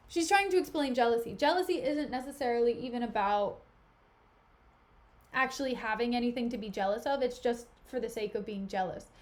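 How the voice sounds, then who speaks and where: A woman's voice: on the high side, fairly quick. A woman streamer reading a play aloud and explaining it in casual, slangy asides. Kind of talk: casual read-through with slangy paraphrase.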